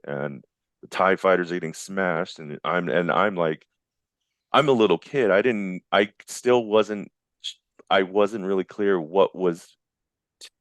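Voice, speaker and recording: Low-voiced enthusiastic man, rambling. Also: no room sound. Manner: rambling, enthusiastic, many restarts. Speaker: guest, visual effects artist. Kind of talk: casual interview chat.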